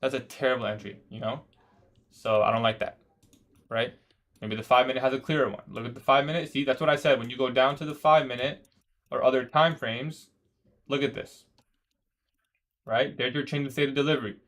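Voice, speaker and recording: A man's voice: medium pitch, fairly even intonation, fairly quick, pauses often, a bit bright. A young man day trading on a livestream, talking casually, reading out viewer questions and answering with a laid-back "bro" manner. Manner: casual, says "bro" often, laughs at odd questions.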